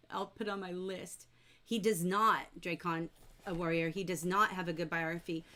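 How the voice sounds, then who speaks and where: A woman teacher leading a livestreamed novel study, chatty and lively as she reads quotes aloud and answers viewers in the chat. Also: fairly low pitch. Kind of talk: livestreamed book discussion, reading chat aloud.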